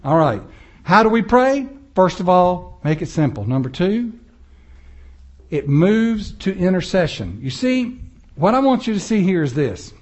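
A high-voiced man preaches a sermon in a conversational way. He acts out other people's prayers and mocking voices as he goes. The recording sounds dull and lo-fi. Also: big pitch swings, a little slow. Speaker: pastor.

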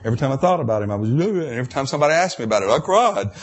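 Husky preacher man. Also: medium pitch, very animated, rapid-fire. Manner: emotional, preacherly, repetitive with restarts. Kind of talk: sermon.

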